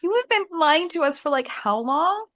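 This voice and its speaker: A woman's voice: high-pitched, sing-song, normal speed, a bit bright, no echo, studio quality. A woman tabletop player sounding exasperated.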